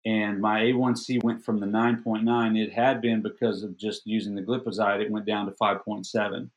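Animated middle-aged man telling a story. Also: fairly low pitch, normal speed. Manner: animated, self-deprecating, repeats words when excited. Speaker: podcast guest. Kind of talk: casual personal storytelling.

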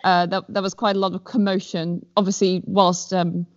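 A woman's voice: fairly low pitch, little pitch movement, normal speed. A woman guest on a podcast, telling stories in a rambling, self-deprecating way with many fillers. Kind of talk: casual chat. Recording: dull lo-fi sound.

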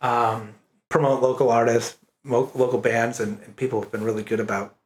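A man from Maine, a cartoon creator, chatting loosely as a guest, rambling and laughing and dropping into quick character voices. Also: mid-range voice, little pitch movement. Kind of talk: casual podcast conversation. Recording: echoey room with faint noise.

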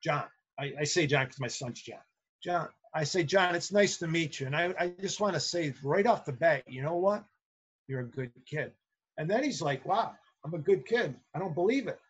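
A man's voice: a little high, husky. A middle-aged man, a teacher, earnestly telling stories from the classroom in a casual interview. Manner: earnest, animated storyteller. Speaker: substitute teacher and guest.

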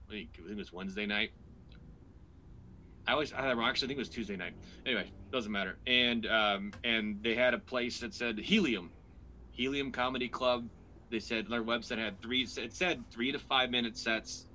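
Bright-voiced man telling a rambling story. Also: normal speed, slight background noise, rough recording. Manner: rambling, animated anecdote with many restarts and fillers; acts out his own past lines in a higher, louder voice. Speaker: guest comedian. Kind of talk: casual storytelling in a podcast chat.

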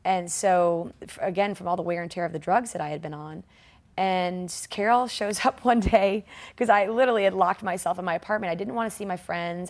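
A woman in her forties telling a personal story in a conversational interview, animated and laughing often as she acts out the voices of people in it. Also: lowish voice. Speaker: guest, triathlete.

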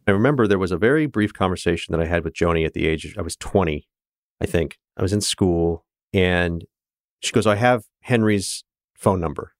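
Deep-voiced man telling a personal story. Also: brisk, no room sound, studio quality. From Kansas, USA. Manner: earnest, reflective, candid. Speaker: interview guest.

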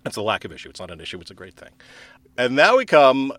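A man chatting as a podcast guest, bubbling with enthusiasm and tripping over his restarts. His pitch swings widely as he talks. It sounds like relaxed conversation, not a script. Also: quick pace, crowd noise. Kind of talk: casual chat.

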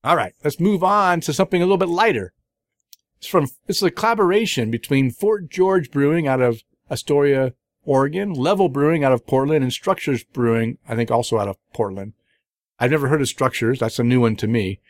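A middle-aged man hosts a beer podcast, talking quickly in a mid-range voice with lively intonation. He rambles casually and enthusiastically about beers he has tried, full of fillers and restarts. The studio sound is clean with no echo.

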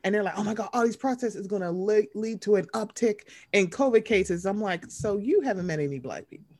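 A woman's voice: mid-range voice, a little fast. A young adult woman co-hosting a casual gossip chat about reality TV, swearing freely and acting out what people said. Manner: animated, profane, acts out quoted voices. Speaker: podcast co-host.

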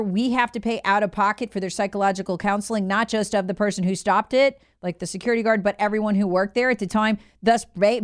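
A woman's voice: mid-range voice, clear, resonant tone. A woman talk radio host delivering a heated, scornful monologue and mockingly imitating people. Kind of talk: opinionated talk show monologue.

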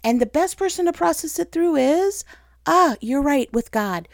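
Her voice is high-pitched and creaky at a moderate pace, recorded dry in a clean studio. Hosting a relaxed faith-based conversation, she tells lively stories, acts out her thoughts in different voices, and pokes fun at herself.

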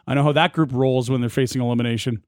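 A man's voice: mid-range voice, fairly even intonation, very fast, no room sound, studio quality. A man co-hosting a casual sports talk show, making confident, argumentative points.

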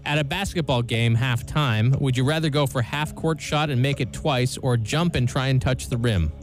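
A man's voice: medium pitch, moderate pace, music in the background. A man co-hosting a morning radio show, chatting with small hesitations and reading quiz questions. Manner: hesitant, lots of uh and restarts. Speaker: radio co-host.

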